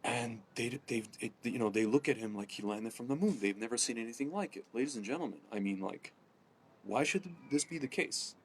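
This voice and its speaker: A man ranting casually to camera, rambling with many fillers and restarts, often addressing his audience as ladies and gentlemen. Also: mid-range voice, fairly quick, slightly rough. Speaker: political commentator. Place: home in Jerusalem.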